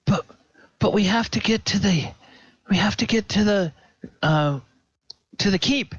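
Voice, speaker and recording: A man's voice: sits high, a little slow, husky, no room sound, dull audio, voice pushed up. A man voicing a panicked townsman who stammers in a flustered way.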